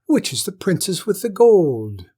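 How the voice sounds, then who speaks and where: A man voicing a haughty, greedy noble lady and mother in a storybook reading, with a shrill, insistent manner. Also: lively intonation, measured pace, a little mellow.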